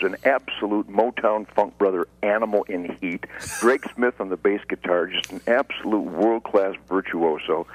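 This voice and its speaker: A man in his sixties from Detroit, talking as a guest on a radio show in a brash, boastful way, with rapid rants that break into sudden shouts. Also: on the low side, husky, no room sound, low-quality recording. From Detroit, USA. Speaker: guest musician. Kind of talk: radio phone interview. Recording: radio broadcast.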